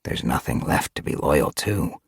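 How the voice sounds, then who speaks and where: A man voicing a blunt, disillusioned male warrior cat in a storybook reading, speaking flatly in his own low register. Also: measured pace, no echo, clean studio sound, lightly acted.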